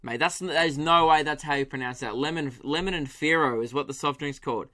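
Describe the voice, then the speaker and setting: Young Australian comic host, bright, slightly high voice, animated and profane. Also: male voice, fairly quick. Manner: animated, swearing, laughing, doing impressions. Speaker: podcast host. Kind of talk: solo comedic podcast rant.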